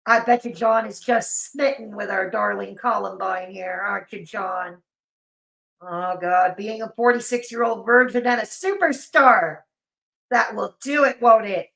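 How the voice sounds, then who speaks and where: A woman's voice: medium pitch, a little slow, gravelly, a bit bright. A woman hosting a livestream in casual chat, sarcastic and mocking, her voice a little off and sleepy. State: voice feels off, sleepy. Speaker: livestream host.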